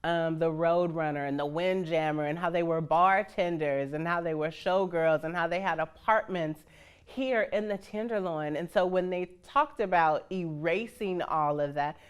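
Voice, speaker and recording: A woman's voice: fairly low pitch, moderate pace, smooth. A woman in her fifties from Northern California, frankly telling her life story and acting out the voices of the people she quotes. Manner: frank, salty, laughs as she talks. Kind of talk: personal storytelling.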